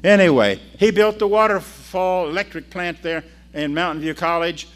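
Older man, preacher, sermon, storytelling, call-and-response, loud then low asides, fairly high voice. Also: moderate pace, smooth.

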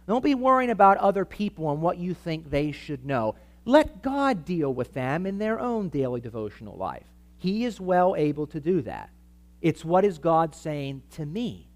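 High-voiced, lively male preacher. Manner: emphatic, asks the audience for amens. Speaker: preacher teaching a church audience. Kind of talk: sermon-style teaching talk.

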